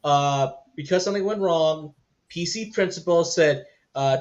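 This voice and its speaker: A man's voice: on the high side, moderate pace, lo-fi sound. A man co-hosting a casual podcast chat, retelling a story with acted-out quotes. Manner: animated storytelling, acts out quotes. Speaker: podcast co-host.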